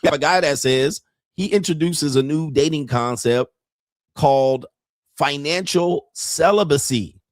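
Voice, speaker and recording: A man's voice: on the high side, moderate pace, no room sound. A man hosting a casual commentary show, talking bluntly and profanely and laughing often between points. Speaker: commentary host.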